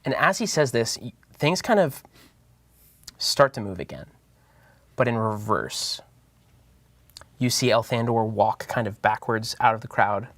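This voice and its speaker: A man narrating a tabletop game as game master, in a loose, halting way with many fillers. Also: mid-range voice, a bit bright, no echo.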